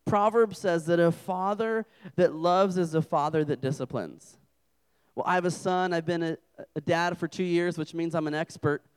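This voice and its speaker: A man's voice: a little high, a little mellow, clean tone. A young adult man preaching a humorous sermon to a campus group, telling self-deprecating stories as a father. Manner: joking, self-deprecating storyteller.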